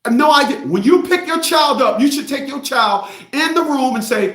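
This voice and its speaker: Host, middle-aged man, high voice, blunt mocking rant, echoey room. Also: lively intonation, normal speed, a bit bright. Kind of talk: livestream rant.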